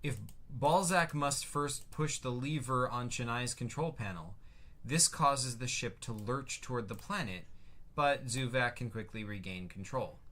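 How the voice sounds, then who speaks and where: A man's voice: medium pitch, a little slow, a bit bright. A man casually talking through his own game on a livestream, reading out his notes and answering chat, with many fillers. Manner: rambling, lots of fillers, reads chat aloud. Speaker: streamer showing his game.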